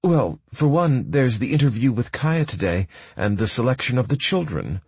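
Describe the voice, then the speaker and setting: A man voicing a confused, stubborn young woman in an audiobook, raising his voice to a higher pitch and pressing with questions. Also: big pitch swings, normal speed, a little mellow, breathy edge, no echo. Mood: insistent. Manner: raised pitch, insistent questioning. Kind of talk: audiobook character voice.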